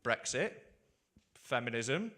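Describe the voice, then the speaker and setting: Animated young British comedian. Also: male voice, medium pitch, takes it slowly, a little hiss or hum. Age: young adult. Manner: animated, sweary, keeps asking "right?". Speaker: stand-up comedian. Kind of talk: stand-up comedy. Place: stage before a live audience.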